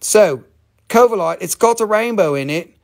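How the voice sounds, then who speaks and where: A man hosting a live crystal sale, talking in an excitable, profane way with sudden jumps in pitch. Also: moderate pace, vocal fry. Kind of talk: excited live sales chat.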